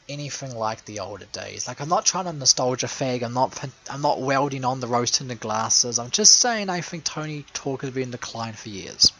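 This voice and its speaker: A man's voice: mid-range voice, fairly bright tone, low-quality recording. Rambling, sarcastic man talking solo. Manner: frequent self-corrections and filler words. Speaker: video maker recapping a call-in show. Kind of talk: casual spoken retrospective monologue.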